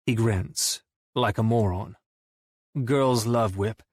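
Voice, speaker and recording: A man narrating a first-person audiobook in a wry, deadpan manner. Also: fairly low pitch, slow, long pauses, dry recording, studio quality.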